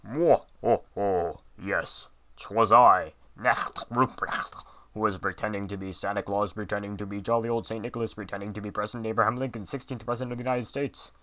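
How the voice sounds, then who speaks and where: A man's voice: lowish voice, fairly even intonation, a little fast, sharp tone. A man voicing an unmasked Christmas villain who gloats theatrically and drags out his words. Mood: gloating.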